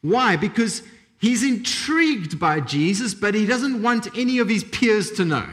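A male pastor delivers a sermon, emphatic and repetitive, with dramatic pauses between phrases. His voice is high. His pitch swings widely as he drives each point home. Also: animated, a bit bright.

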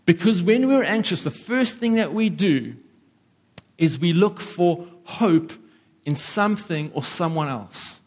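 A man's voice: high voice, animated, measured pace, darkish tone. A man preaching a sermon as pastor, emphatic and acting out the voices of worried listeners.

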